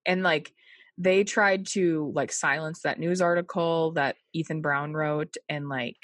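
A woman with a somewhat low voice chats casually, teasing her co-host and swearing freely. The sound is dry and close, with no room echo. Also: fairly even intonation, fairly bright tone. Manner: joking and profane, quick to tease. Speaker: podcast co-host. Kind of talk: casual chat.

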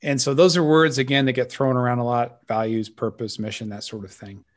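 A man hosts an interview podcast, recapping his guest's points for listeners in an affirming way. His voice has an ordinary pitch for a man. He sets up each follow-up question at length before asking it. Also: fairly even intonation, a little fast. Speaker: podcast host. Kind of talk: interview host.

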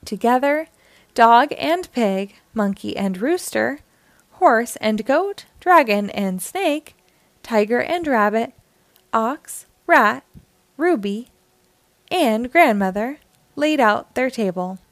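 Slow, expressive woman reading a kids' story. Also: fairly high pitch, no echo. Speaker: storytime host. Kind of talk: reading a picture book aloud to children.

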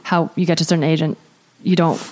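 Fast-talking woman hosting a podcast. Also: deep voice, fairly even intonation, a little mellow. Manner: fast, chatty, thinks aloud with many fillers. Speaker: podcast host. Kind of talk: casual podcast chat.

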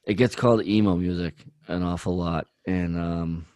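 A man's voice: low voice, steady tone, normal speed, a little mellow, no echo. A man co-hosting a podcast, talking earnestly in a rambling way with many fillers. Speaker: podcast co-host. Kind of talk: casual chat.

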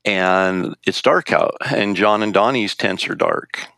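Male storyteller, deep and gravelly, casual and rambling, dry close sound. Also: slow pace, bright, forceful tone, no echo. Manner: rambling, with restarts and quoted dialogue. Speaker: guest recounting a hunting trip.

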